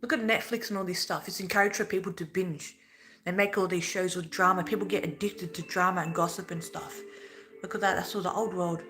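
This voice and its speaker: A woman's voice: lowish voice, fairly even intonation, brisk, a bit bright, rough recording. A woman giving an earnest, preachy spiritual talk in a casual way, swearing now and then. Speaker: spiritual vlogger.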